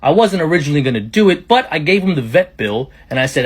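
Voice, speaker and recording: A man telling a personal story in a casual storytime style, chatty and rapid, with quoted asides. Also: a little high, sing-song, breathy edge.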